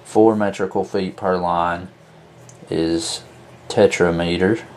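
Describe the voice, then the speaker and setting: A man teaching a lesson, explaining slowly and methodically, counting out examples as he points to a board. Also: low-pitched, fairly even intonation, darkish tone, a little hiss or hum. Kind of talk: explaining at a whiteboard.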